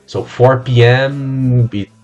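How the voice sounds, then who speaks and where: A young Brazilian man hosting his own podcast in English as a second language, halting and repeating words, swearing casually. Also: mid-range voice, fairly even intonation, a little mellow, dull audio, faint music behind. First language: Portuguese. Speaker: podcast host. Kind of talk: casual solo podcast monologue.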